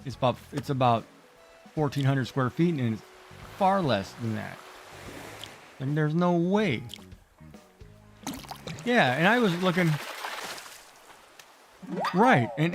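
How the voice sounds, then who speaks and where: A middle-aged man with a slightly high voice streams a game, chatting casually in a rambling, exclamatory way and talking back to the on-screen characters. He's animated but a little slow, with long pauses, over soft background music.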